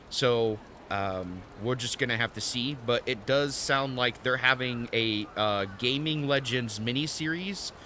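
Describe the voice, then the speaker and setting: A man's voice: medium pitch, bright, forceful tone, slight background noise. A young man streaming, rambling casually with lots of fillers while commenting on his game. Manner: chatty, rambling, filler-heavy.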